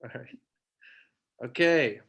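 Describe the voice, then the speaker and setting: A man in his thirties tells stand-up stories over a video call from home. His voice sits at a middling pitch. He rambles and trips over himself in a self-deprecating way. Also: expressive, slow pace, creaky, a bit bright, breathy edge. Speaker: stand-up comedian. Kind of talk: stand-up set on a livestream.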